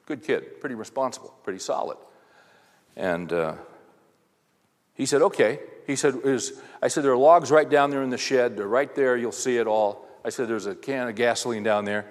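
A middle-aged man addresses a men's audience in a conversational sermon, telling rambling anecdotes and firing rhetorical questions at the crowd. His medium-pitched voice moves at a moderate pace in a reverberant hall.

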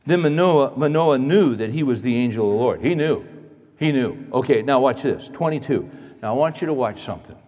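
A male pastor preaching a sermon in a church, dramatic, moving between loud emphasis and hushed asides. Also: mid-range voice, lively intonation, fairly quick, in a large hall.

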